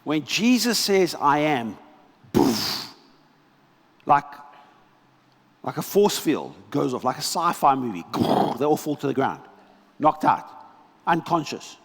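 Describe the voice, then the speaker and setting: A man preaching a sermon as pastor, telling scripture stories with animated, dramatic delivery and pauses. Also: a little high, big-room sound. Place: church hall.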